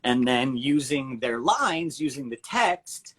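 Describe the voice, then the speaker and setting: A man's voice: medium pitch, animated, slow pace, a bit bright, rough recording. Hesitant, rambling man on a call. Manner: rambling, hesitant, many restarts. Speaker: voice actor. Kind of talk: casual chat.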